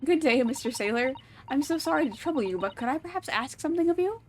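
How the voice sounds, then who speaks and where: A woman voicing a polite young lady's maid who speaks in a gentle, formal way. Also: high voice, lively intonation, fast talker, slight background noise, pitched above the performer's own voice.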